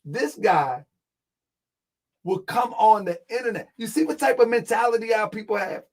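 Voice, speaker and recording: A man's voice: high-pitched, moderate pace, vocal fry. A man hosting his channel, reacting to a clip with indignant, mocking commentary to his viewers. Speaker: channel host.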